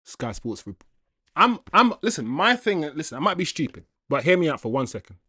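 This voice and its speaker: A young man hosting a casual football livestream, reading viewer comments with slangy, animated chatter and laughter. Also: fairly high pitch, brisk, husky, no room sound, clean studio sound.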